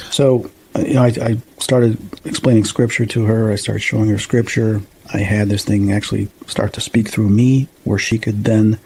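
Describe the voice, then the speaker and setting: Gravelly low-voiced man telling a story. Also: dark tone, poor audio. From Chicago suburbs, USA. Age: 50s. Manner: rambling, halting with restarts and fillers. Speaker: paranormal investigator guest. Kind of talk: casual storytelling interview.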